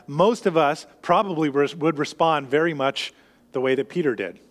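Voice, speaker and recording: Male pastor delivering a sermon; conversational teacher with a high voice, reverberant hall sound. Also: normal speed. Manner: conversational, explanatory teaching with frequent restarts.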